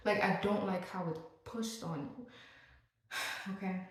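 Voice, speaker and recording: A woman's voice: mid-range voice, a little slow. A young woman vlogging in a casual, joking rant, full of playful asides. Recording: very echoey room.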